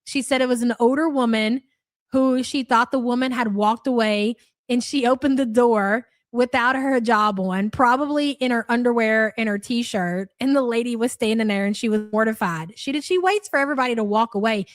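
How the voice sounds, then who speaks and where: A woman's voice: fairly high pitch, normal speed, no echo. A woman hosting a live reaction commentary, talking chattily and addressing her viewers directly. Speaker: commentary channel host.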